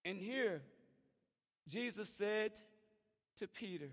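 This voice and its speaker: A man's voice: sits high, lively intonation, slow. A middle-aged man preaching a fervent sermon in church, calling out to the congregation. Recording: long church reverb.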